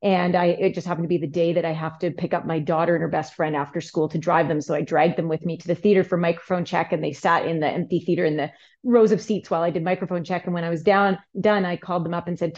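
A middle-aged woman speaking as a therapist guest on a podcast, explaining earnestly and growing animated when telling stories. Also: on the low side, fast, highs cut off. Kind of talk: podcast interview.

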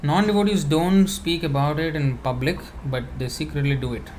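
A man giving a conversational spiritual talk, answering questions with many fillers and restarts, now and then laughing softly. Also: a little high, moderate pace, a little hiss or hum.

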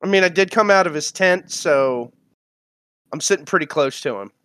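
A man's voice: fairly high pitch, animated, normal speed, fairly bright tone, clear, resonant tone, no room sound. Guy at the game table, blunt and practical, dry close sound. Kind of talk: casual game-table chat.

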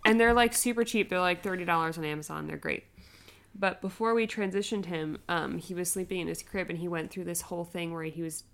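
Young woman, podcast co-host; animated, laughing storyteller in casual chat. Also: on the low side, a little fast, vocal fry. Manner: animated storyteller, acts out quotes, laughs often.

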